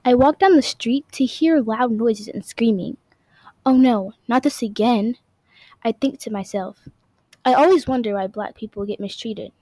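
A woman narrates a first-person diary story aloud, earnest and dramatic. Her voice sits a little high. The recording is dry, with no room sound. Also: a little mellow, no echo, rough recording.

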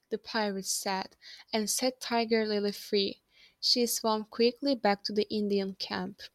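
A woman reads a children's storybook aloud, clear and expressive. She keeps a slow, measured pace at a mid pitch. The recording is dry and close. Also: no echo. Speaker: narrator.

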